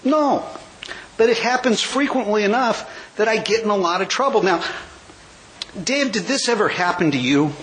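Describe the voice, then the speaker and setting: A man's voice: high-pitched, lively intonation, a bit bright, low-quality recording. A man in his sixties from California, giving a wry, joke-filled recovery talk as a speaker at a large gathering. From California, USA. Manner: wry storyteller, quick jokes. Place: convention hall.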